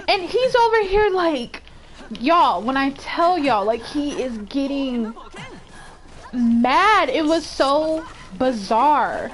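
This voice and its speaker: A woman streamer telling a story in a casual, profane, animated way, rising to heated outbursts. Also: high voice, slow. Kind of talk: casual storytime while gaming. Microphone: desk microphone.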